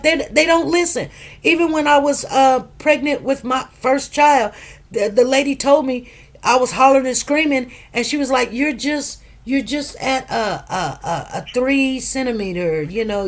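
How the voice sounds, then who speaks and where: A woman with a high voice hosts a casual talk show. She talks in an emphatic, animated way and acts out the people she quotes. She sounds middle-aged. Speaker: show host. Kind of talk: casual chat storytelling.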